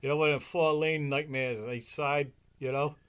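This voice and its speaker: A man's voice: a little high, fairly even intonation, normal speed, a bit bright, clear, resonant tone. A man from Rhode Island co-hosting a podcast, talking bluntly and casually, swearing freely and teasing his friends. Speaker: podcast co-host. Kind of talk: casual chat.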